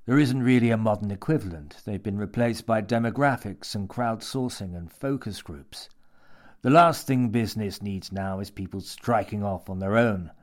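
A man's voice: fairly low pitch, normal speed, close to an everyday voice. Brief: man voicing a creepy old stranger in an audio horror tale, theatrical and preachy, raised voice. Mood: lecturing. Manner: theatrical, wheedling, lecturing. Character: sinister mad old man with pierced lips.

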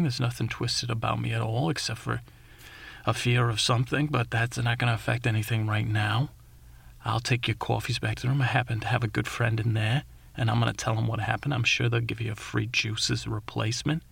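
A man's voice: mid-range voice, gravelly, no room sound. A man telling a meandering, folksy comic story, full of fillers and self-corrections. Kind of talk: rambling comic monologue.

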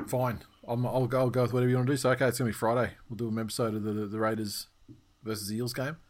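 A man's voice: medium pitch, flat delivery, racing. A man hosting a podcast, chatting casually with lots of fillers and restarts and the odd swear word. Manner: rambling, swears freely, many fillers and restarts. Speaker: podcast host. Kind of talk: casual chat.

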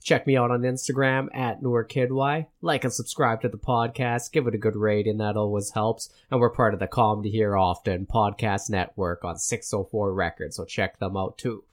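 A man's voice: lowish voice, fairly even intonation, moderate pace, hardly any pauses. A man in his thirties hosting a comedy podcast in casual chat, laughing often and swearing freely. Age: 30s. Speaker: podcast host.

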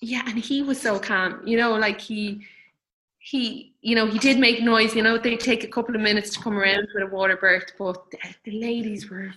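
A woman in her thirties telling her birth story in an interview, tender and halting, with many fillers. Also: on the high side, steady tone, pushed and bright, rough recording. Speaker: guest. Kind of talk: personal birth story in conversation.

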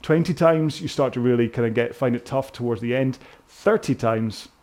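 A man's voice: mid-range voice, normal speed, darkish tone. A British man coaching a rowing workout indoors, chatting in a rambling, self-mocking way with jokey asides. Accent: British English.

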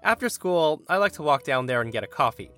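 A young man reading listener stories aloud with an animated delivery, acting out the quoted lines. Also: fairly high pitch, brisk, soft background music. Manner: animated, voices the quoted characters. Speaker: story reader.

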